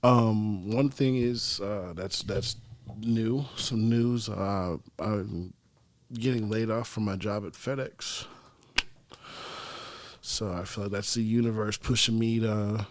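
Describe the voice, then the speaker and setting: A man's voice: lowish voice, fairly even intonation, takes it slowly. Loose, profane young man podcasting. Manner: loose, profane, rambling storytelling. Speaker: podcast host. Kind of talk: casual solo podcast chat.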